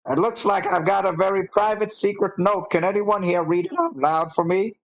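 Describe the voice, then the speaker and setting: A man's voice: sits high, animated, normal speed, pitched above the performer's own voice, rough recording. A man voicing a hesitant, illiterate male innkeeper in a tabletop game, stalling with ums and uhs. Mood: loud calling out.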